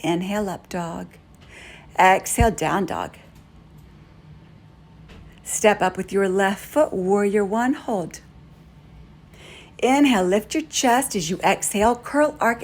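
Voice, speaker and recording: A woman yoga instructor giving calm, steady step-by-step cues through a guided class. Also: mid-range voice.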